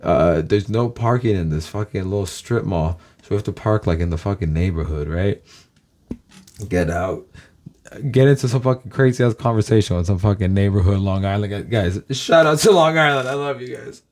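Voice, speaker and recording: A man's voice: lowish voice, normal speed, a little mellow. A man from Los Angeles, a YouTuber, rambling casually to his viewers, swearing constantly and calling them guys.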